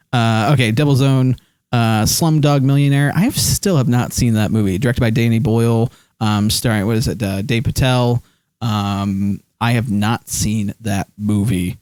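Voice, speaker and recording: A man's voice: lowish voice, a little mellow, clean tone, no echo. A man streaming live, chatting casually about his movie collection with lots of ums and restarts, close to his desk microphone. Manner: rambling, many fillers, reads chat aloud.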